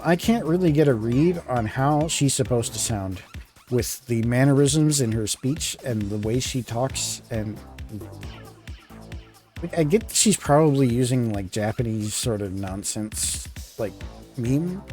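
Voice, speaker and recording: A man chats casually while streaming a game, rambling and restarting his sentences with plenty of fillers. His voice is mellow and of middling pitch, with faint game music under it. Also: lively intonation, a little slow. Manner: rambling, filler-heavy, self-interrupting. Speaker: gaming streamer. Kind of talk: casual live-stream chat.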